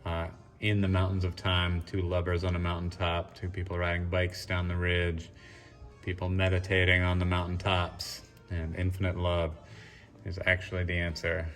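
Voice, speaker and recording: A man giving a casual walk-through of his own art show, explaining his works in a relaxed, rambling way with frequent restarts. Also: sits low, normal speed. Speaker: artist giving a gallery tour. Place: art gallery show room. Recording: echoey room from a distance with faint music.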